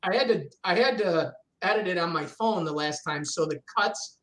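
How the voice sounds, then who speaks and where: A man's voice: high-pitched, moderate pace, low-quality recording. A man, a guest comedian from the United States, chatting casually on a podcast and acting out how his father talks. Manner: animated, acts out his father's voice.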